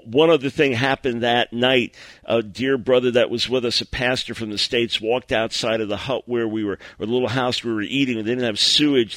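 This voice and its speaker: A man preaching a sermon as a story, animated and acting out the dialogue, with frequent stammered restarts. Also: mid-range voice, no echo.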